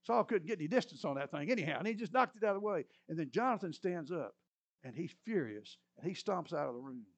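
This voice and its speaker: High-voiced folksy male preacher. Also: expressive, fast talker, dull audio. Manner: folksy and conversational, often clears his throat. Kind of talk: sermon, retelling scripture as a story.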